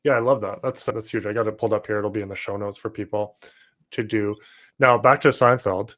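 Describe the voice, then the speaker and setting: A man hosts a podcast interview, his voice on the low side. He asks questions in an upbeat, encouraging way. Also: steady tone, a little fast, fairly bright tone. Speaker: podcast host.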